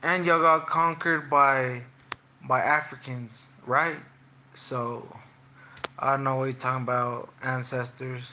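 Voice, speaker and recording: A man's voice: mid-range voice, little pitch movement, takes it slowly, bright, forceful tone, slight background noise. A young man, a boxer, taunting his livestream chat in slangy, repetitive trash talk.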